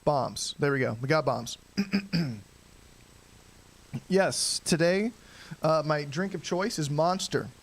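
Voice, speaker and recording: A young man casually commenting on his own gameplay during a live stream, rambling and chatty, often clearing his throat. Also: a little high, slow pace, long pauses. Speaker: game streamer. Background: game music.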